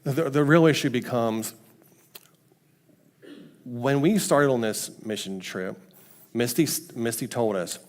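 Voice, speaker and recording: A man's voice: takes it slowly, long pauses, darkish tone. Man telling a casual church testimony. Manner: conversational, acts out quotes with pitch jumps. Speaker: mission team member speaking at church. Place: church sanctuary.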